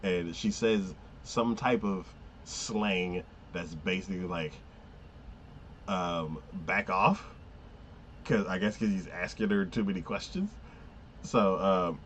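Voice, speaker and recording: A man casually recapping an anime episode, rambling with many fillers, often laughing and acting out lines. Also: sits low. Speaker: anime podcast host.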